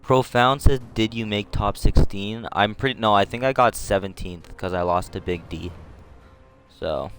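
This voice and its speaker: Excitable slangy man over music. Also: lowish voice, normal speed. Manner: excitable, slangy, jumps to shouts at tense moments. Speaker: streamer. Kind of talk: casual live commentary over replays.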